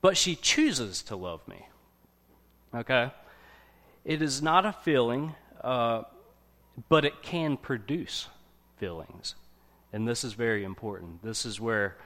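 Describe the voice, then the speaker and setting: A man giving a casual, conversational sermon to a congregation, often pausing to check in with his listeners. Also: lowish voice, a bit bright. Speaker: preacher.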